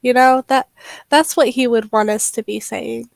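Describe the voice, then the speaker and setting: A young woman streamer chatting casually and haltingly, with many fillers. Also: a little high, steady tone, creaky, no room sound. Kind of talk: casual livestream chat.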